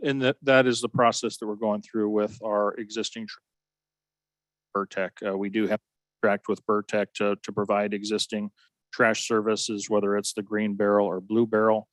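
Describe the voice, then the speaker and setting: A man on city staff giving a measured explanation to the council, hesitating with fillers. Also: on the low side, flat delivery, no room sound. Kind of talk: formal explanation in a meeting.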